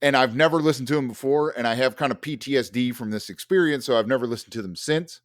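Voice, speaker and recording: A man's voice: mid-range voice, fast talker, dry recording, studio quality. A man telling a long story in casual podcast chat, rambling with many fillers and restarts. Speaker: podcast host.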